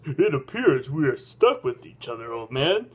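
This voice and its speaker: A serious young apprentice guard, as a man puts him on, talking stiffly and formally. The pitch climbs and dips with a lot of movement. He sounds like a figure from a story game. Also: sing-song, normal speed, husky.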